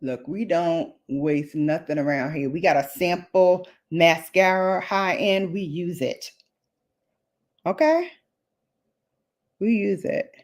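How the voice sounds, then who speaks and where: A woman's voice: lowish voice, steady tone, unhurried, hardly any pauses. A woman vlogging a makeup demo in a chatty, playful way, full of slangy asides to her viewers. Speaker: beauty vlogger. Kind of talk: casual makeup demo chat.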